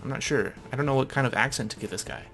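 A man's voice: medium pitch, rapid-fire, a bit bright, soft background music. A man casually commenting as he plays a game, chatty and thinking aloud. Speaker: gamer.

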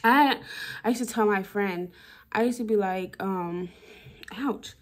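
A woman's voice: medium pitch, measured pace. A woman vlogging candidly about her relationship, emotional and blunt, swearing and repeating herself for emphasis. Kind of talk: personal vlog, talking to camera.

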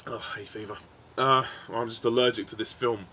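A man's voice: mid-range voice, fairly even intonation, normal speed, bright, forceful tone, slight background noise. Frustrated man ranting about a film. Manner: frustrated, swearing, with frequent ums and restarts. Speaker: film reviewer.

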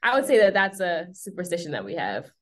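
A woman's voice: on the low side, fast. A young woman, a college basketball player, answering casually and loosely with lots of filler words over a video call. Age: young adult. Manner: relaxed, full of filler words.

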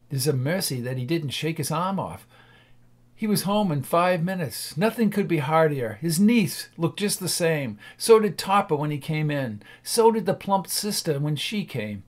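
A man narrating a classic novel as an audiobook in an expressive, theatrical storytelling manner. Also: fairly high pitch.

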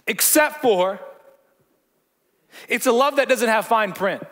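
A man's voice: extremely high pitch, slow pace, pauses often, fairly bright tone. A man preaching a sermon as pastor in a church hall, conversational, repeating words and joking with the congregation.

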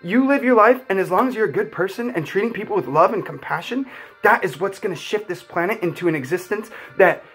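A man's voice: sits high, expressive, fast, a bit bright, faint music behind. A young man vlogging, telling a personal story in an earnest, heartfelt, rambling way full of "like" fillers. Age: young adult.

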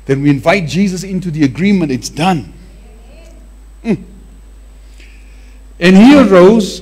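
A man preaching a sermon with animated emphasis, often repeating words to drive a point home. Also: high-pitched, measured pace, long pauses.

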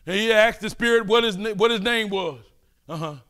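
An older man preaching a fervent sermon, calling out and pleading with his listeners between quieter asides. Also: high voice, fairly quick.

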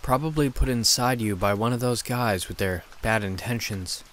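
A man's voice: mid-range voice, moderate pace, a bit bright, natural voice. A man voicing a controlling young boyfriend who speaks in a soothing, patronizing way. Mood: coaxing.

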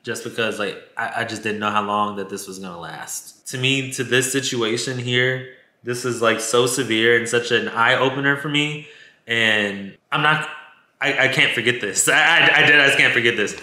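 A man with a very bright, sharp-edged voice tells a personal story to his viewers, candid and emotional and quick to swear. His words bounce around an echoey room. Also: mid-range voice, steady tone. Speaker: storytime vlogger.

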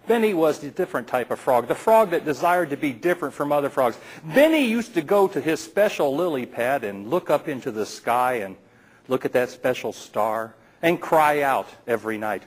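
Husky man telling a tall tale. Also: medium pitch, rough recording. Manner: playful, teasing asides to the listeners. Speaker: storyteller. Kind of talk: live storytelling to an audience.

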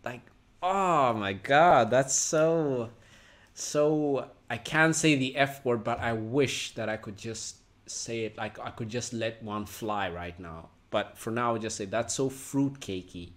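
A man co-hosting a casual reaction commentary, swinging between loud outbursts and low mutters. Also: slow pace. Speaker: co-host.

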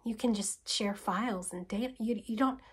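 A woman host talking to camera in a casual, animated and sarcastic way, firing off rhetorical questions and sometimes dropping to a whisper. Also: medium pitch, normal speed, breathy edge. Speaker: video essayist host. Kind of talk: casual spoken commentary.

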